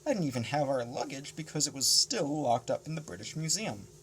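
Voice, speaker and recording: A man reading a novel aloud in a casual, expressive first-person narration, moving between character voices. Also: medium pitch, fairly quick, slight background noise. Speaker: audiobook reader.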